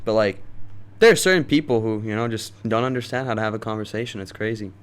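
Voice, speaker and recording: A man's voice: fairly low pitch, quick pace, smooth. A young man co-hosting a podcast, chatting in a laid-back, slangy, rambling way. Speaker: podcast co-host. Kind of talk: casual chat.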